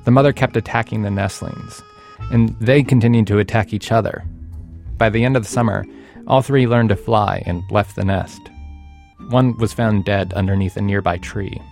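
A man giving scripted, measured, reflective narration. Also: fairly low pitch, creaky, darkish tone, soft background music. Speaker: radio storyteller.

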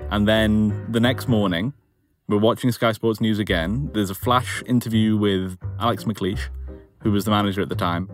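A young English man casually recounting a story, animated and amused, acting out quotes. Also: lowish voice, normal speed, soft background music. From England. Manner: animated, amused, quoting himself. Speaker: interviewee telling his story.

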